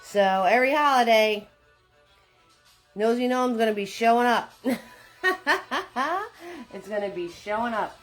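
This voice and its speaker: A woman's voice: a little high, a little slow, pauses often. A woman hosting a live painting lesson, chatty and upbeat, greeting viewers by name as she gives steps. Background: faint Irish music.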